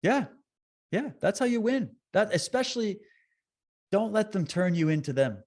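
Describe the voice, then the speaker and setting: A man talking as a podcast guest, telling stories in an animated, swearing, fired-up way with quick impressions. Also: high voice. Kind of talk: casual conversation.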